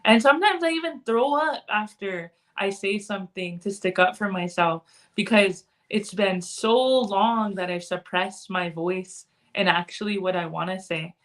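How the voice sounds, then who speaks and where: A woman's voice: medium pitch, measured pace. A woman speaking as a podcast guest in casual conversation, candid and frank, now and then cussing.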